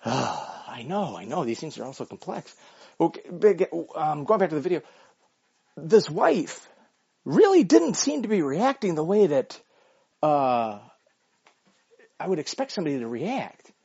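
Guy ranting and swearing while walking his dog, husky voice, bit higher pitched, muffled lo-fi audio. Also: very animated, unhurried, long pauses, mellow. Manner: profane, blunt and argumentative. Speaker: vlogger. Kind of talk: casual ranting monologue. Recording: dull lo-fi recording.

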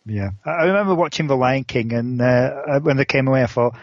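A man's voice: medium pitch, a little fast, dry recording. A man in his forties co-hosting a podcast in casual chat, rambling through restarts and fillers with a dry, sarcastic humor. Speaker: podcast co-host. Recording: dull lo-fi sound.

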